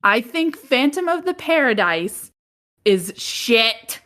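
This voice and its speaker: A woman co-hosting a casual movie podcast. She talks at an easy, unhurried pace with a lively, swinging pitch. She often lets out exaggerated groans and laughs. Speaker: podcast co-host.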